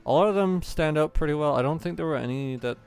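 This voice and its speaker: A man's voice: fairly high pitch, fast talker, gravelly, darkish tone, clean tone. A man hosting a gaming channel, giving casual, rambling play-through commentary with lots of hesitant fillers.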